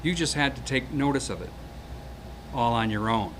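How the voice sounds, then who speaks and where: A man's voice: mid-range voice, expressive, moderate pace, background noise. A man around seventy reading a prepared eulogy for an old friend, hesitant at first and then telling stories with acted-out quotes.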